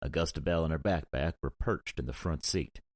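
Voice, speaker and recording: A man narrating a romance audiobook in the first person, gruff and brooding, with frequent swearing. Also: extremely low pitch, brisk, no room sound, clean studio sound.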